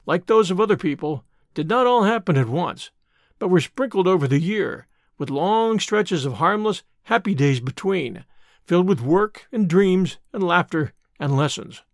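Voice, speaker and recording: Lively high-voiced male storyteller. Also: no echo, clean studio sound. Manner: measured, gentle storytelling. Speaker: narrator. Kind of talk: audiobook narration.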